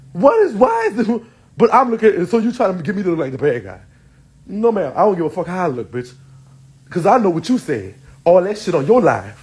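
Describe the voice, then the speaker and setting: Loud taunting man, lively high voice. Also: a little fast, reverberant, distant mic, rough recording. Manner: loud, taunting, profane, laughs often. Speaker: social media personality. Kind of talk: live stream rant.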